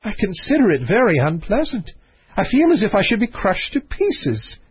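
A man's voice: high-pitched, wildly swooping pitch, moderate pace, husky, dry recording, muffled recording, pitched above the performer's own voice, heavily acted. A man voicing a peevish young princess who complains in a raised voice.

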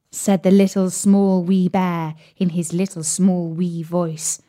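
A woman reading a children's fairy tale aloud in a measured, gently expressive way. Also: mid-range voice. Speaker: storyteller. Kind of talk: storybook read-aloud.

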